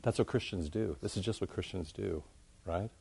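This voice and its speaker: A man giving an informal, conversational sermon to his congregation, jumping up high in pitch to make a point. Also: moderate pace, gravelly, slightly rough. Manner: conversational, animated, rises high for emphasis. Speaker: pastor.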